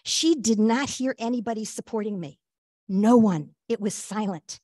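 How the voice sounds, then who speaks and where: A woman guest telling a personal story in an earnest, halting way, with frequent fillers and restarts. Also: a little high, darkish tone, no room sound, clean studio sound. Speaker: guest speaker.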